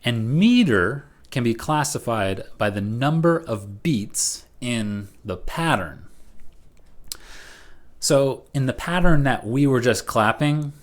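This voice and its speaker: A man's voice: mid-range voice, expressive, takes it slowly. A man teaching a recorded music lesson over slides, casual and patient, often checking in with "right?".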